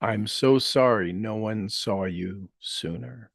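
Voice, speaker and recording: A man leading a guided meditation, speaking affirmations slowly and gently, repeating each phrase with soft trailing endings. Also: fairly low pitch, vocal fry, no room sound, studio quality. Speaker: meditation leader.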